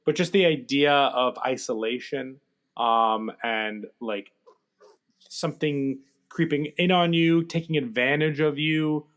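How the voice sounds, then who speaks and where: A man co-hosting a podcast in casual chat, talking in a halting way with many filler sounds. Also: medium pitch, fairly bright tone. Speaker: podcast co-host.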